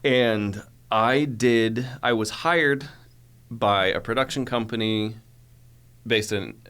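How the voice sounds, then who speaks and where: A man, an audiobook narrator, telling relaxed anecdotes as a podcast guest in casual chat. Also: on the low side, takes it slowly, smooth.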